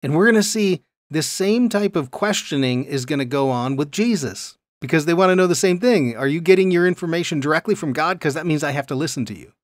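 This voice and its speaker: Male Bible teacher, mid pitch, explanatory lecture delivery, dry close sound. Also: lively intonation, fairly quick, hardly any pauses, dry recording. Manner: explanatory, stresses key words, reads verses aloud.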